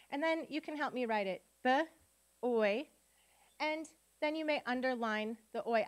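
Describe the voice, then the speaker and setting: A woman at a conference workshop who leads the audience through spelling dictation, sounding words out syllable by syllable and asking them questions. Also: sits high. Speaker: literacy teacher and conference speaker. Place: conference room before an audience.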